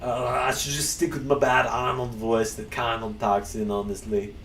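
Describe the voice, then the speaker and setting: A man's voice: mid-range voice, little pitch movement, normal speed, a bit bright, distant mic. A man hosting a stream, chatting in a rambling, casual way while he plays. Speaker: streamer and channel host. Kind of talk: casual gameplay commentary. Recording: roomy, off-mic, faint background hum.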